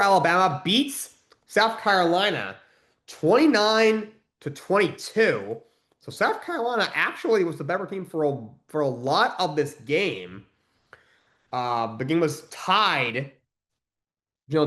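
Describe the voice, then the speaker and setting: A man's voice: a little high, animated, moderate pace, fairly bright tone. A man hosting a sports podcast, recapping games in casual talk, rambling with fillers and restarts and giving blunt opinions.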